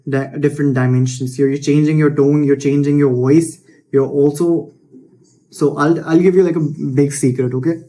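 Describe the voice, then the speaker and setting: A man's voice: fairly high pitch, dark tone. A young man giving unscripted self-improvement advice, blunt and loose, with casual swearing and frequent restarts.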